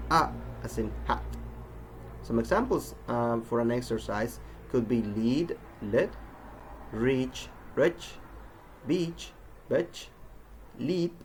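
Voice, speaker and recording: A man's voice: mid-range voice, a little hiss or hum. A man giving a pronunciation lesson, carefully enunciating example words one at a time. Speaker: pronunciation teacher.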